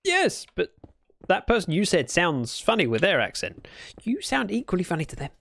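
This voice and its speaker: A man's voice: sits high, wildly swooping pitch, moderate pace, vocal fry, fairly bright tone. A British man livestreaming a game, chatting casually in a rambling, playful way and correcting himself as he goes. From Britain. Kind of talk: casual gameplay chat.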